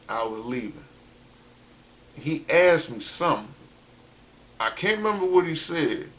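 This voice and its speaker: A man's voice: medium pitch, fairly bright tone. A man from South Carolina, telling his life story in a loose, conversational way with lots of "you know" and "like". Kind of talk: casual spoken storytelling.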